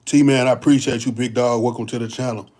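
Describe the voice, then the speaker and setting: A man's voice: mid-range voice, fairly even intonation, a little fast, a little mellow. Laid-back man answering livestream chat. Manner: laid-back, chats with viewers, slangy, restarts often. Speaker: bodybuilder livestream host. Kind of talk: casual livestream Q&A.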